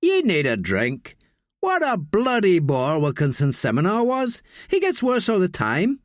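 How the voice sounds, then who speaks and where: A man's voice: high voice, wildly swooping pitch, a little slow, no room sound, studio quality, pitched above the performer's own voice, exaggerated voice. A man voicing a drunk, bigoted young male student with a jeering, slurred drawl. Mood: sneering.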